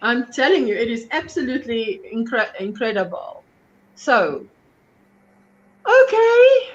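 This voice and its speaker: A woman's voice: fairly high pitch, lively intonation, normal speed, fairly bright tone, dull audio. A South African woman hosting a casual live stream, chatting and reading viewer comments aloud. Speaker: crochet live stream host.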